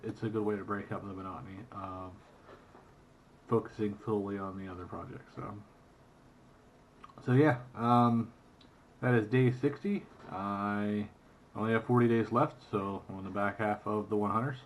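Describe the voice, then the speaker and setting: Low-voiced man wrapping up his vlog. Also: moderate pace, a little hiss or hum. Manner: relaxed, hesitant, many fillers. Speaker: comic artist vlogger. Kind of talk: casual vlog narration.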